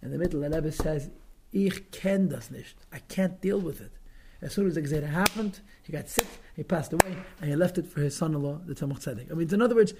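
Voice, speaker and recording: A man's voice: fairly high pitch, fast talker, gravelly, a little mellow, slight background noise. A man teaching through a story, dramatic and emotional, often repeating words and acting out quotes with feeling. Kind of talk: storytelling lesson.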